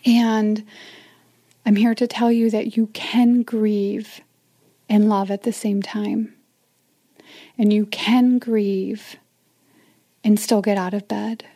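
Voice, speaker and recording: A woman's voice: mid-range voice, level tone, slow. A middle-aged woman, a mother of four, telling a personal story as an interview guest, often sinking to a near whisper. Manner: soft, often drops to a whisper.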